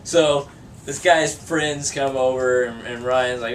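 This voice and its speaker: Recorded on a distant mic with faint room noise, a young male band member tells a long, profane story in an interview, laughing as he goes. His voice sits in the mid range and he speaks at a measured pace.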